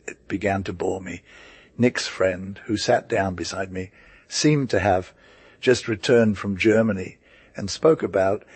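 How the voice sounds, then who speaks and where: Low-voiced man reading an audiobook. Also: slightly rough, dry recording. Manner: steady reading with occasional slips and restarts. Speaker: narrator.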